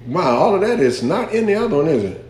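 A pastor teaches a Bible class in an echoey room, giving a conversational lesson, reading scripture aloud and rising into fervent emphasis. His voice is a little high and a little mellow, very animated, and he talks fast.

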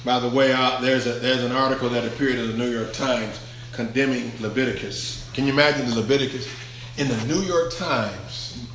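Emphatic preacher with a bright, roomy voice. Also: male voice, mid-range voice, normal speed, slight background noise. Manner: emphatic, stretches key words, asks the congregation questions. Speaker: pastor. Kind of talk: sermon, verse-by-verse Bible teaching.

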